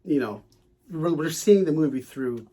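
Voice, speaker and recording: A man's voice: a little high, lively intonation, unhurried, mellow. A man in his late thirties co-hosting a casual movie reaction chat, easygoing and enthusiastic. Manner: enthusiastic, easygoing fan talk. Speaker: co-host.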